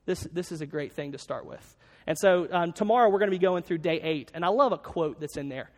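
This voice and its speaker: A pastor with a notably high voice delivers a sermon in a casual, chatty way, restating each main point twice. His voice rings out through a large church space with a long, trailing reverb. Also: fairly quick, darkish tone. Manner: conversational, repeats key lines for note-taking. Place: church sanctuary with a congregation.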